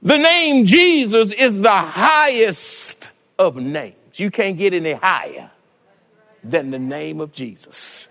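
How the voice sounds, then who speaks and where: A middle-aged male pastor preaching a sermon in a rhythmic cadence that builds into shouted climaxes. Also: high-pitched, very animated, slow, big-room sound.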